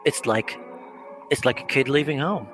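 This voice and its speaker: A man's voice: mid-range voice, normal speed, a bit bright. A man from Turkey on a casual stream chat, making long, earnest arguments. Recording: faint music behind.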